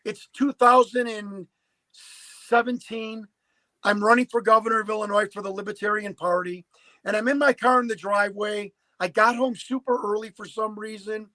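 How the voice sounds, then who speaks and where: A man's voice: high-pitched, fairly even intonation, normal speed, sharp tone, no room sound, rough recording. A man in his fifties telling a story as a podcast guest, emphatic and prone to repeating and restarting words. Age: 50s. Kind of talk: animated storytelling.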